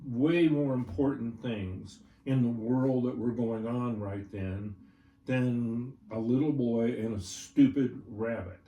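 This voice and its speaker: A man's voice: mid-range voice, mellow, highs cut off. An older man, a horse trainer, telling a personal story in an interview in a folksy way, often checking in with his listener. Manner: folksy, checks in with "right?" and "all right?". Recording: roomy, from a distance, faint ambience.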